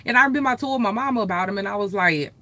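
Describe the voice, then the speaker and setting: A woman vlogger chatting casually to her viewers, animated, profane and full of tangents. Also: medium pitch, very fast. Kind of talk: casual storytelling vlog.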